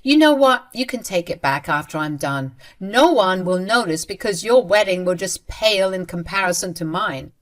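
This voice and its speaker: A woman's voice: medium pitch, animated, normal speed, hardly any pauses, natural voice. A woman voicing a spoiled, boastful pregnant young woman who taunts her sister. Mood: taunting. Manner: taunting, bratty.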